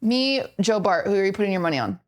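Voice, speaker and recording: A woman's voice: mid-range voice, lively intonation, quick pace. A woman streaming from home, chatting casually and pointing self-deprecating jokes at her chat while she moves around her kitchen.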